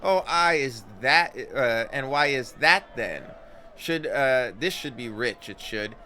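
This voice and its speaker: A man voicing a prickly, gruff young woman with a tail in a game, in a blunt voice that tags lines with "it is". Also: medium pitch, expressive, takes it slowly, pushed and bright, slight background noise, voice pushed up. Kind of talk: reading game dialogue aloud.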